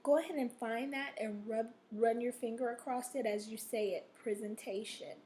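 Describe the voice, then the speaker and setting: A woman's voice: on the high side, fairly even intonation, normal speed, warm tone, a little hiss or hum. A woman teacher giving a recorded reading lesson to children, patient and checking in often, sometimes reading aloud with expression. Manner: patient, repeats "okay?" to check in.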